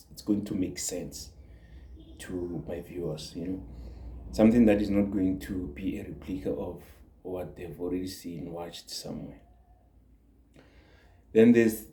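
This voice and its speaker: A man's voice: low voice, dark tone. A man, a YouTube creator, giving an earnest motivational talk and repeating words for emphasis. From South Africa. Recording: echoey room.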